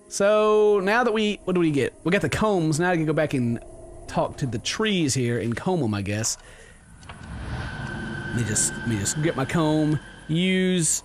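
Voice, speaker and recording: A man's voice: sits high, normal speed, slight background noise. A young man hosting a gaming video, commenting casually and reading the game's lines aloud in playful voices. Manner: animated, playful, reads game dialogue aloud in voices.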